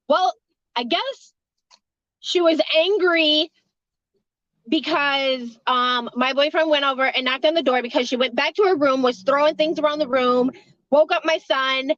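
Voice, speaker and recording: A high-pitched woman rambles through a storytime, cursing freely and laughing between lines. The recording is dry and a little dull, close and without room sound. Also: measured pace, pauses often, fairly bright tone, no echo. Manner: rambling, swearing, laughing often. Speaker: vlogger telling a story. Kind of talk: casual storytime.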